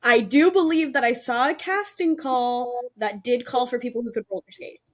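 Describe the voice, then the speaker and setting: A young woman co-hosting a podcast in casual chat, excited and talkative with lots of fillers. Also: on the high side, normal speed. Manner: excited, chatty, many fillers. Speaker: podcast co-host.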